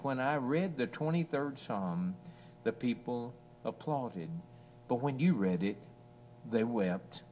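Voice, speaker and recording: Slow, earnest male preacher. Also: lowish voice, a little mellow, slight background noise. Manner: slow, earnest, swelling on scripture quotes. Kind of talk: evening sermon. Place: church assembly.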